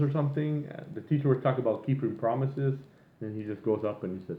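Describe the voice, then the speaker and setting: A man's voice: medium pitch, fast, a little hiss or hum. A man ranting casually and at length, rambling and swearing as he goes. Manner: rambling, profane, exasperated. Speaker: vlogger. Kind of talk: casual rant. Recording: echoey room, tinny phone-like sound.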